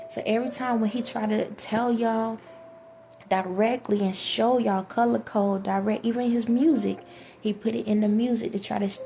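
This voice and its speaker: Woman, flat delivery, rambling earnest vlog monologue, faint background noise. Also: medium pitch, gravelly. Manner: earnest, rambling, addresses viewers directly. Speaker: vlogger. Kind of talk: spiritual monologue to viewers.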